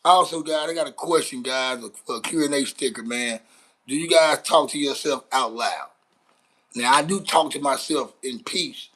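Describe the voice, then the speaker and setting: A man's voice: medium pitch, moderate pace, sharp tone, breathy edge, rough recording. A man hosting a casual live stream, rambling and swearing as he chats with viewers. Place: Dallas, Texas.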